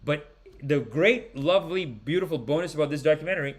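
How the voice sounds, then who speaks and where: Forties male host, comic pundit; animated, rambling, mock-sermon delivery, slightly high voice. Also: fairly quick. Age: 40s. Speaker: podcast host. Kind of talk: comedic commentary.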